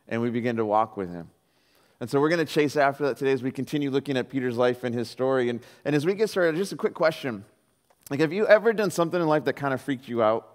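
A man's voice: mid-range voice, long reverb tail. A man from Southern California preaching a sermon as pastor, telling stories animatedly and acting out the voices in them. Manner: animated storyteller, acts out quoted voices, many "like"s.

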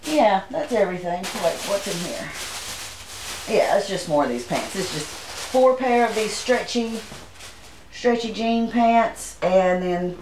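A woman's voice: medium pitch, animated, slow, reverberant, background noise. A woman, from Arkansas, chatting casually and homily as she shows her shopping haul to the camera. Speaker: channel host.

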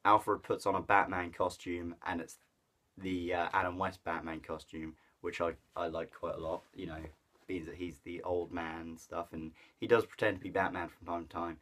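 A man with a notably deep, low voice talks through a film review in a loose, offhand way. He stumbles over his words, circles back with fillers, and gets excited about the bits he liked. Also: moderate pace. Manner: rambling, with many fillers and restarts; enthusiastic, laughs at the jokes he retells. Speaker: movie reviewer. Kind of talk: casual rambling film review.

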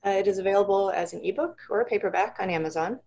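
Woman author reading her novel aloud, steady narration, gravelly fry, husky tone, slightly dull lo-fi recording. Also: mid-range voice, racing.

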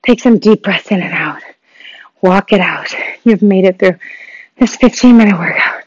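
A woman's voice: mid-range voice, moderate pace, no echo, highs cut off. A woman fitness instructor guiding a workout, upbeat and encouraging, a little out of breath as she exercises along. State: breathing heavily.

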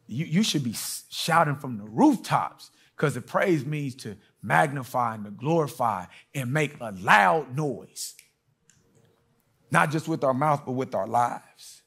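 A middle-aged man preaching a sermon, telling stories and acting out quoted voices, swinging between loud and hushed. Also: mid-range voice, expressive, takes it slowly, slightly rough. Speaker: pastor.

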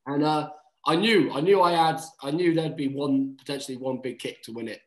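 A man's voice: a little high, fairly quick, echoey room, a little hiss or hum, rough recording. A man, a rugby player, telling a story in casual chat, swearing freely and acting out quotes, calling everyone mate. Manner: animated, acts out quotes.

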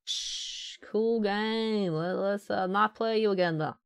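A woman's voice: slow, gravelly, smooth, dry recording, studio quality. Profane, joking woman game streamer. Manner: profane, joking, rambling with sudden squeaky put-on voices. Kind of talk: casual live-stream commentary.

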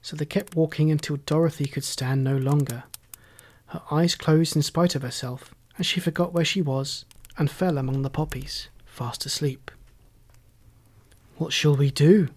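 A storyteller reading a classic children's tale aloud in a measured, gentle way. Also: mid-range voice, steady tone. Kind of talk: scripted storybook narration.

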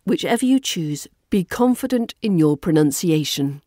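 RP English woman, podcast accent coach, mellow and measured, dry close mic. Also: lowish voice, lively intonation, no room sound. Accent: Southern English RP. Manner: clear, measured teaching delivery. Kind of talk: scripted podcast lesson.

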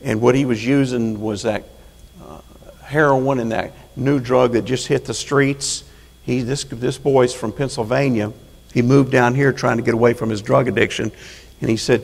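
A man's voice: medium pitch, steady tone, moderate pace, creaky, in a large hall. A man preaching as a prison chaplain in a church, folksy and plain-spoken, building to fervent calls for an amen. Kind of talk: sermon. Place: church sanctuary.

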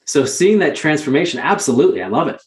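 A male guest who works as a mountain guide tells candid stories in a conversational way, earnest and emphatic, often restarting his words. His fairly high voice is sing-song and fast, with a roomy sound.

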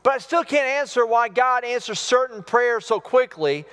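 A man's voice: extremely high pitch, expressive, normal speed, fairly bright tone, clean tone. A man preaching a sermon as pastor, earnest and questioning, with stumbling restarts. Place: church sanctuary. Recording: long hall reverb.

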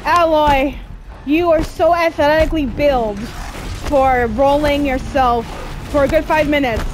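A woman giving excitable let's-play commentary while gaming, squealing and cheering through the fights. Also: high-pitched, measured pace, noisy background. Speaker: gamer playing a video game. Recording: game music playing behind the voice.

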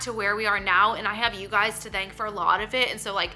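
A woman's voice: mid-range voice, fairly even intonation, quick pace, hardly any pauses, pushed and bright, faint music behind. A young woman, talking casually to camera, emotional and full of "like". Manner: emotional, choking up and laughing; filler-heavy, repeats "like". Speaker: vlogger.

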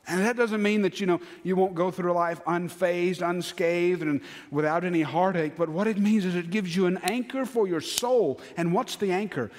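A man preaching a sermon as pastor, earnest, dropping to hushed low lines and rising to emphatic ones. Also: moderate pace, hardly any pauses. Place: church sanctuary. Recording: long church hall reverb.

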